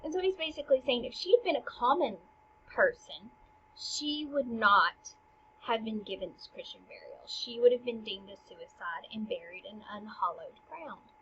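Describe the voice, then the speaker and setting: A woman's voice: on the high side, expressive, normal speed, fairly bright tone, muffled recording, a little hiss or hum. A woman teaching a literature lesson, paraphrasing casually and dropping into whispered asides.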